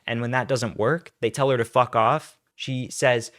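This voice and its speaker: A man's voice: medium pitch, steady tone, moderate pace, hardly any pauses, a bit bright, dry recording, studio quality. A young man doing ranting YouTube commentary, sarcastic, blunt and profane.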